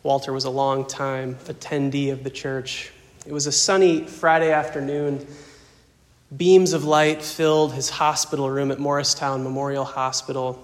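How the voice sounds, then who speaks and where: A man preaching a farewell sermon as pastor, speaking softly and emotionally with slow pauses. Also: medium pitch, level tone, in a large hall.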